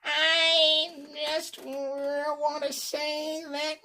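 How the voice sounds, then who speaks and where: High female voice, dead flat and very slow, reads a message. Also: slight background noise.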